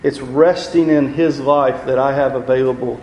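A man's voice: medium pitch, steady tone, a little mellow. Earnest man teaching in an echoey room. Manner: earnest, repeats key phrases, slows on scripture. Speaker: Bible study teacher. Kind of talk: teaching a Bible study. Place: room with a group, reading from a computer. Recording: echoey room, faint ambient noise.

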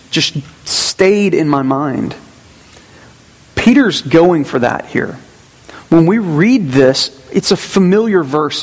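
A man preaching a Sunday sermon as pastor in a church, in a conversational way with asides and restarts. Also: a little high. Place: church sanctuary. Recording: long hall reverb.

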